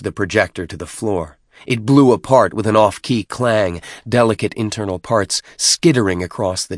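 Male narrator, audiobook reading, lowish voice, dry close mic. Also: normal speed, dry recording. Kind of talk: scripted narration.

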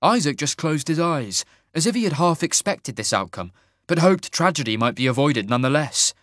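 A man narrating a fantasy audiobook in a measured, even storytelling manner. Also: fairly high pitch, no echo, studio quality.

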